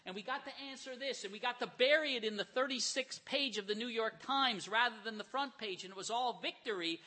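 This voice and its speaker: A man preaching a sermon, retelling scripture stories with animated storytelling and acted-out voices. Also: sits high. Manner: animated storytelling, acts out characters.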